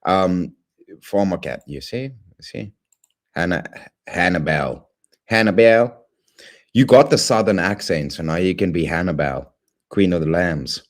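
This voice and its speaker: A man hosting a casual livestream, rambling and shouting out viewers by name with excitable slang. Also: low voice, measured pace, pauses often. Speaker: livestream host.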